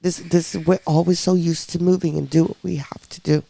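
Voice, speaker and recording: A woman on a podcast telling her own story in a casual, lively way, acting out the voices of people she quotes. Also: lowish voice, brisk, creaky, slight background noise.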